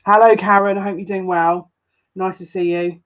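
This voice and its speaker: A woman with a mid-range, flat voice talks at a moderate pace, and the recording's highs are cut off. She's a psychic reader on a live stream, rambling casually and greeting viewers one at a time by name. Her accent is noticeable, and viewers compliment it.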